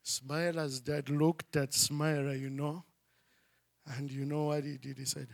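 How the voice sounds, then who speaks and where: A man preaching and telling a story in an animated way, often using "you know" and "I mean". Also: fairly high pitch, unhurried, vocal fry. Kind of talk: sermon storytelling.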